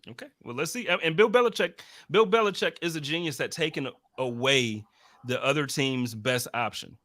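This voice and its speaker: Bright, teasing male podcast host. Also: fairly high pitch, no room sound. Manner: animated, teasing, quick to laugh. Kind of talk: casual sports podcast chat.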